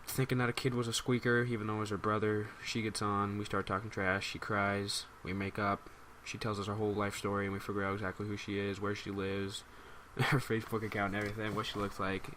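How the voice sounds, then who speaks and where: A man's voice: fairly low pitch, little pitch movement, a little fast, few pauses, fairly bright tone, a little hiss or hum. A man telling a rambling, amused story as casual commentary for his gaming channel. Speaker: gaming YouTuber.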